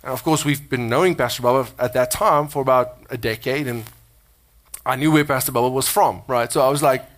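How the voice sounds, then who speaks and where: A man preaching a conversational sermon as a pastor, earnest and animated, often restarting and repeating words as he talks. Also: a little high, moderate pace.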